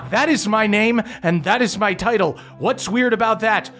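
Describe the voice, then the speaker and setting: A man voicing a pompous male high-elf headmaster in a tabletop role-play, haughty and indignant. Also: moderate pace, a bit bright, faint music behind.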